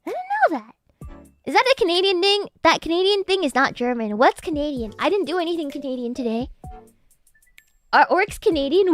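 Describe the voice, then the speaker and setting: A woman streamer chatting casually with her viewers, giggly and animated, with sudden excited outbursts. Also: sits high, brisk, faint music behind. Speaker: VTuber streamer. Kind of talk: casual livestream chat with viewers.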